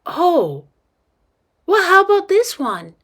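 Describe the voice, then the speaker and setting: A woman doing a high, eager little girl's voice. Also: big pitch swings, takes it slowly, fairly bright tone, heavily acted. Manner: eager, insistent. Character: pushy cheerful seven-year-old girl.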